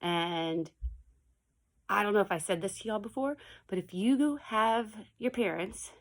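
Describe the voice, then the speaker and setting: A woman teacher talking casually to her pupils from her home basement, chatty and digressive, reading a picture book aloud with playful animal sound effects. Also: medium pitch. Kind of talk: casual video message and read-aloud for pupils.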